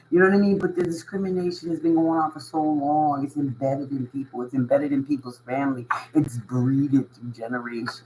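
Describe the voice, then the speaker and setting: A man with a voice a bit higher than most talks straight to his viewers in an earnest, emotional monologue. He hammers points home through repetition, keeps checking in with "you know what I mean" and chuckles between lines. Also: a little hiss or hum, poor audio. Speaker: spiritual channel host. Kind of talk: casual motivational monologue to viewers.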